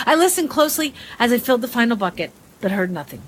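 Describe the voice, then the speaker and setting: A woman reading a listener's spooky story aloud, dramatic and expressive as she acts out the suspense and fright. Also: a little high, fast talker, a little hiss or hum.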